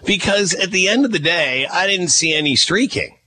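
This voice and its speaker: Canadian man as a rambling radio host, bright and animated. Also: high-pitched, moderate pace, a little hiss or hum. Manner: rambling, chuckling, mock quotes. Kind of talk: casual on-air chat.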